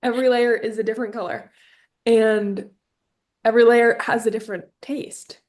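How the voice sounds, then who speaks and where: A woman's voice: a little high, steady tone, normal speed, a little mellow. A young woman co-hosting a casual podcast, spinning absurd stories with playful mock seriousness. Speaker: podcast co-host. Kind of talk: casual comedic chat.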